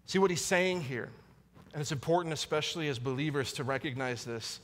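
High-voiced man preaching in a reverberant hall. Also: fairly quick, a bit bright. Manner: earnest, repeats key lines for emphasis. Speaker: pastor. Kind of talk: sermon. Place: church sanctuary. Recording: long church hall reverb.

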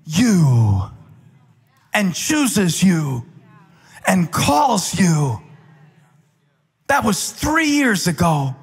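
A man preaching a sermon as pastor, building from quiet talk to impassioned shouting. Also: extremely high pitch. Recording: large hall with long reverb.

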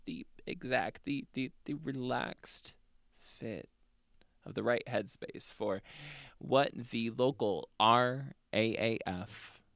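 Animated, laughing podcast host. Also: medium pitch, no room sound, studio quality. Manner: animated, swears freely, laughs often. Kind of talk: casual conversational podcast chat.

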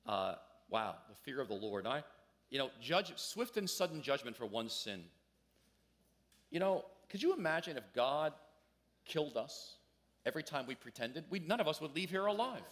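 A male pastor preaching a sermon in a church, telling a story in a conversational way and rising to loud emphasis at key points. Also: a little high, big pitch swings, moderate pace.

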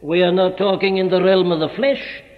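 Emphatic preacher in an echoing hall. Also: male voice, high-pitched, steady tone, moderate pace. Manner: emphatic, rhetorical repetition. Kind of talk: sermon. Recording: dull echoey hall recording.

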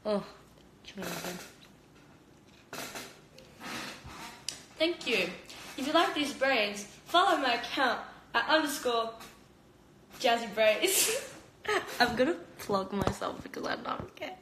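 A woman's voice: on the high side, big pitch swings, slow, long pauses, a bit bright, a little hiss or hum. A young Australian woman chatting casually into her phone from her kitchen, rambling and giggly, with lots of "like". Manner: rambling, giggly, heavy use of "like". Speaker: fighter streaming live. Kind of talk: casual live-stream chat. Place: home kitchen. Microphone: phone camera. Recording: roomy kitchen echo.

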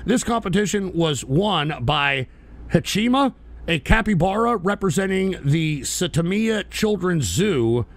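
Ranting, gravelly-voiced talk radio man. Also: high voice, lively intonation, unhurried. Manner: profane, combative ranting with sudden shouting; mocking whiny impressions of critics. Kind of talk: live-stream talk radio rant.

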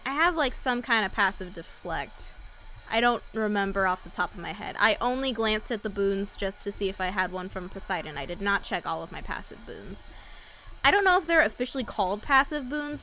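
A woman's voice: on the high side, sharp tone. A woman hosting a let's play, chatting playfully with viewers and swearing freely as she plays. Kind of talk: casual gameplay commentary.

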